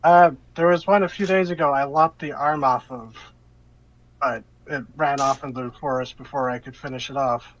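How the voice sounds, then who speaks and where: A man's voice: mid-range voice, fairly even intonation, normal speed, lightly acted. A man voicing a blunt, matter-of-fact male hunter. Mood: offhand. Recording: dull lo-fi audio.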